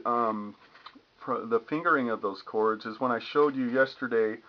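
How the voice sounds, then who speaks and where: A man giving a casual guitar lesson, explaining strumming patterns and humming the rhythms as he demonstrates. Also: medium pitch. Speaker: guitar teacher. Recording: lo-fi with guitar playing.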